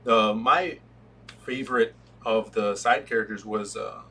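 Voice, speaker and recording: A man co-hosting a casual movie review chat, relaxed and hesitant, with frequent ums. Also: fairly low pitch, a little slow, gravelly. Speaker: podcast co-host. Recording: distant mic with faint background noise.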